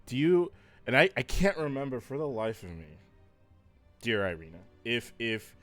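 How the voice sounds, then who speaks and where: Playful male tabletop player; bright, forceful tone, stumbling restarts. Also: mid-range voice, sing-song, moderate pace, faint music behind. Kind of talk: tabletop game role-play.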